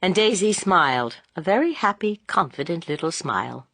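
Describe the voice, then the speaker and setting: A woman reading a classic novel aloud in measured, expressive narration. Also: lowish voice, no echo. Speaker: audiobook narrator. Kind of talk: scripted narration.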